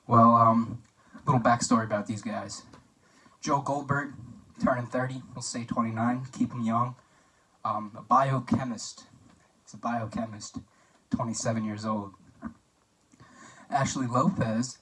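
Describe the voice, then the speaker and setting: Young guy, best-man toast for a class, joking and rambling, bright voice, mic at a distance. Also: medium pitch, measured pace. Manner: chatty and joking, with filler words and anecdotes. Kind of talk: mock wedding toast for a class assignment.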